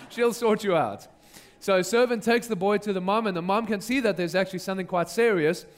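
A male pastor preaches by retelling a Bible story, narrating vividly and slipping into the characters. His voice sits high for a man. The delivery is lively storytelling from the pulpit. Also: fast talker. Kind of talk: sermon storytelling.

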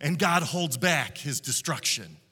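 A pastor man delivers a sermon in an animated storytelling manner. His voice is bright and sharp, with lively swings in pitch. A long reverb from a church hall trails behind every line. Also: measured pace, slightly rough. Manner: animated storytelling, acting out quotes. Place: church hall with multiple locations.

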